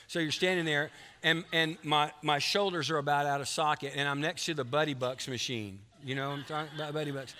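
A man's voice: fairly high pitch, steady tone, fairly quick, few pauses, bright, forceful tone. A man, preaching a folksy sermon as pastor of his church. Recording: long hall reverb.

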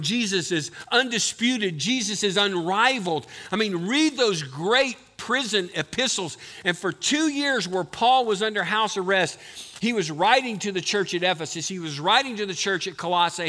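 Bright, high-pitched preaching man. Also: big-room sound. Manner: emphatic preaching, calls on the church to answer. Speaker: pastor. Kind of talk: sermon.

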